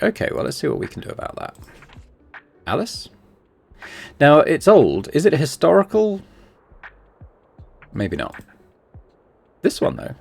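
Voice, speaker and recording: A man hosting a relaxed gameplay video, muttering to himself as he decides. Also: on the high side, unhurried, creaky, long pauses, husky, faint music behind. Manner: laid-back, muttering to himself while deciding. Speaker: gaming channel host.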